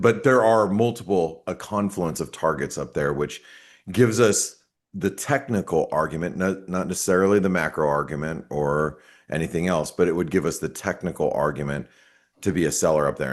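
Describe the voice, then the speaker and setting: A man who is a trading analyst talking through charts on a live market webinar, rambling and cutting himself off, with dry sarcastic asides. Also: low voice.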